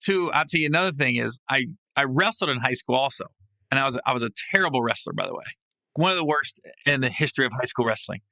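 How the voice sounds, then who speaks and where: A man hosting a podcast, telling a comic story in a casual, salty way, often breaking into loud, high laughing bursts. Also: fast, vocal fry, no room sound. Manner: animated, swings into loud, high laughing outbursts; salty, casual, swears freely. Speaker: podcast host. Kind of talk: comedic storytelling monologue. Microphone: podcast mic.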